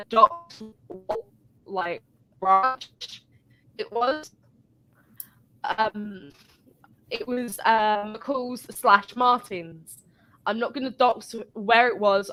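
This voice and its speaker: A woman's voice: a little high, bright, forceful tone. A woman telling a work story in casual chat, rambling and swearing as she goes.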